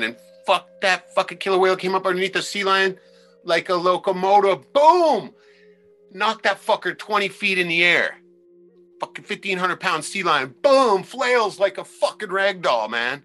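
A man, a former crab fisherman, telling wild sea stories in a loose, profane, animated way on a podcast. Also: sits high, moderate pace, soft background music. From Alaska. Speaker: podcast guest. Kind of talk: casual storytelling.

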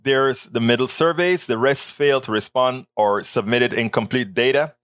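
Animated male political talk host. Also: medium pitch, normal speed, no room sound. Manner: animated, sarcastic asides, repeats words. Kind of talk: live-stream commentary reading news.

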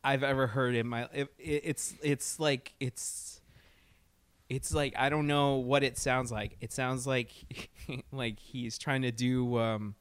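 A man's voice: medium pitch, steady tone, takes it slowly, smooth, no echo. Laughing, rambling male radio host. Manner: rambling, laughing, lots of fillers and jokes. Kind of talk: casual chat.

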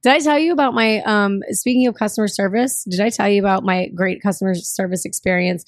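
A young woman co-hosting a podcast chats casually and fast in a steady, mid-range voice, telling stories and acting out the dialogue of other people. The studio-quality audio has no echo.

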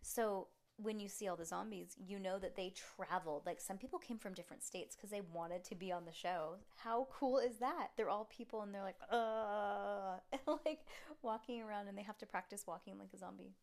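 Excitable chatty mom podcast host. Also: female voice, medium pitch, a little fast. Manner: chatty, excitable, rambling asides. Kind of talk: casual chat reading to kids.

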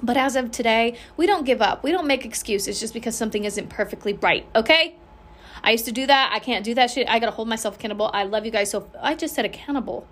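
A woman's voice: fairly high pitch, expressive, a little fast, a bit bright. Bubbly, candid woman podcast host. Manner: bubbly, rambling and candid, swearing freely. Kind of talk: casual solo podcast chat.

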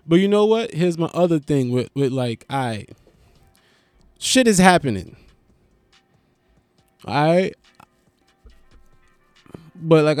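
New comedian, raised-pitch voice, rambling profane riffs, dry close sound. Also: male voice, darkish tone, dry recording. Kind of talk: stand-up style comedic monologue.

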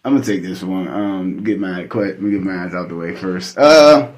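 A man's voice: deep voice, normal speed. A man hosting a podcast in casual chat, joking, laughing often and swearing freely. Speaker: podcast host.

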